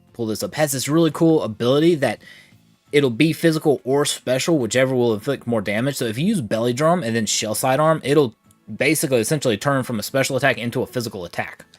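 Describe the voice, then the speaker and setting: Male streamer, conversational and playful, slightly short of breath; dry sound, soft game music behind. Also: medium pitch, a little fast, no echo. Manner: chatty, reads chat aloud, playful asides. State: a little short of breath from allergies. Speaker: gaming streamer. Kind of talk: casual livestream chat.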